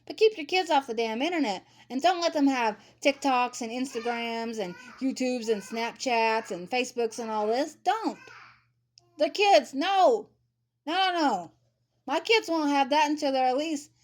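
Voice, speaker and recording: A woman's voice: sits high, normal speed. A woman in her thirties giving a blunt, ranting commentary to camera, repeating herself for emphasis. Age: 30s. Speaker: vlogger. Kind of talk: casual commentary.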